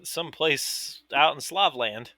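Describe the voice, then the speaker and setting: A man's voice: on the high side, slow pace, pushed and bright, dry recording. A man co-hosting a podcast, teasing the others with profane casual banter.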